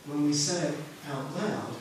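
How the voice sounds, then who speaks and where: A man's voice: a little high, a little slow, background noise. A man preaching a sermon in a conversational storytelling manner. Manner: conversational, storytelling, half-sings lyrics. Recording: echoey room from far off.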